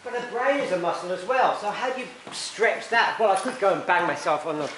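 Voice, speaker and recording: A man's voice: sits high, a little fast, a crowd in the background. A man presenting a creative-writing workshop to children, playful, acting out scenes with silly voices and sound effects. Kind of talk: lively talk to a young audience. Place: room with a live audience. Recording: echoey room from far off, noisy.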